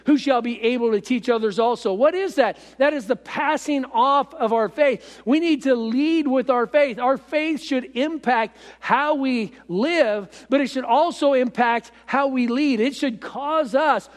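In an echoey hall, a man preaches a sermon as pastor, his high voice halting and broken up by many fillers and repeated phrases.

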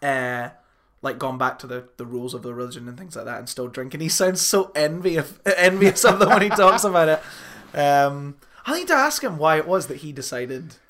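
A young man co-hosting a podcast, chatting casually, animated, swearing freely and laughing often. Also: a little high, moderate pace. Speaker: podcast co-host. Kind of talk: casual chat.

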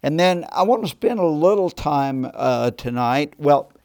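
A man teaching an evening Bible class, speaking in a thoughtful, unhurried way with frequent restarts and pauses. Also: fairly high pitch, lively intonation, gravelly, a little mellow. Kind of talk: Bible class lecture with discussion.

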